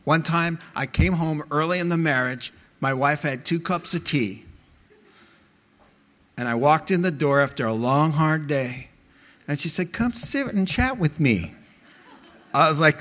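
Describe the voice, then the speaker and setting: A middle-aged man preaching a sermon in a bright, high voice that carries. He speaks slowly and deliberately, then turns emphatic and animated when he tells a story. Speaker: pastor.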